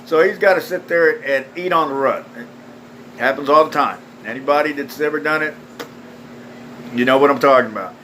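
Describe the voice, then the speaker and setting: A man's voice: a little high, moderate pace, long pauses, fairly bright tone, a little hiss or hum, poor audio. A man delivering a blunt, foul-mouthed, scornful rant straight to camera. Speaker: video ranter. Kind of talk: angry profane rant.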